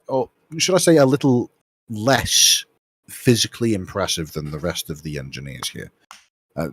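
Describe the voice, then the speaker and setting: A man running a tabletop game as game master, narrating in a halting way with many restarts. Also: low voice, husky, dry recording.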